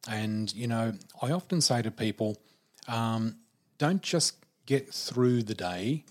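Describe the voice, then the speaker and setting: Guest storyteller, male, mid-pitched, earnest and emphatic, circles back on his words. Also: animated, takes it slowly. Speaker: interview guest. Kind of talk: emotional personal storytelling.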